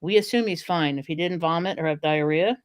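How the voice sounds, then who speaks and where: A woman's voice: low-pitched, brisk, dry recording, clean studio sound. A middle-aged woman, a dog trainer and author, telling stories in a casual conversation and acting out the voices of the people in them. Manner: animated storyteller who acts out quoted voices.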